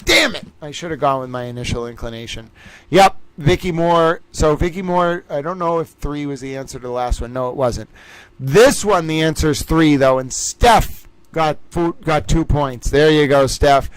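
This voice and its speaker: A man runs a casual livestream trivia game, calling out players and scores as he chats with viewers. His voice sits a little high. The sound is dry and close, with no room echo. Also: moderate pace, clean tone. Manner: lively, reads out names and scores, chatty with viewers.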